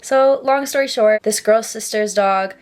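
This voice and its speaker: A tired young woman chatting casually in a vlog, emotional and quick to laugh. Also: a little high. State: tired from no sleep. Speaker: vlogger.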